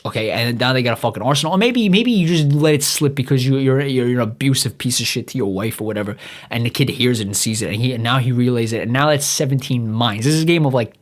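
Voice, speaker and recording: A young man from New hosting a podcast alone, ranting with lots of swearing, rambling and stumbling over his words. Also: mid-range voice. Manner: rambling, profane, stumbles and restarts often. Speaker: podcast host. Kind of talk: profane solo rant.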